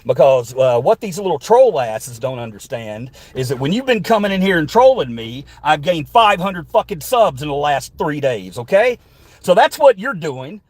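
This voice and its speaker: A man's voice: a little high, no echo. Profane middle-aged man ranting at chat. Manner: combative and sarcastic, swearing often. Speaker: livestreamer reading chat comments. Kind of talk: profane live-stream rant. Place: in a car while driving. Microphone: phone.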